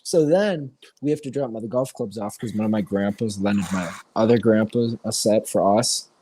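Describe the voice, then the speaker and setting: A man's voice: lowish voice, normal speed, mellow, no echo. A young man co-hosting a casual podcast, telling a story with lots of energy and swearing freely. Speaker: co-host.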